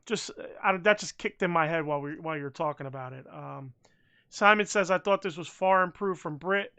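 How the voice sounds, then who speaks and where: Bright-voiced man, blunt podcast chatter. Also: high-pitched, clear, resonant tone. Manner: blunt, swears freely, rambling restarts. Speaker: podcast co-host. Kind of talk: casual wrestling podcast chat.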